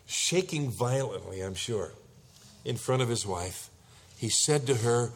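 A man's voice: medium pitch, animated, takes it slowly, pauses often, husky. A middle-aged man preaching a sermon as a pastor, telling the story with animation and acting out panicked husbands.

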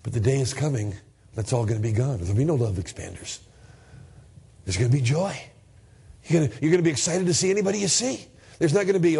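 Husky-voiced man preaching a lively sermon. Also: fast, long pauses. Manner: lively and conversational, swings into high-pitched acted-out exchanges. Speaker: pastor. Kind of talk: sermon with scripture reading.

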